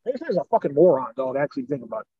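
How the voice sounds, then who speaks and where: A man co-hosting a podcast in casual chat, riffing in a rapid, rambling, profane way with street slang. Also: mid-range voice, sing-song, husky, no room sound, narrow, tinny audio. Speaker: podcast co-host.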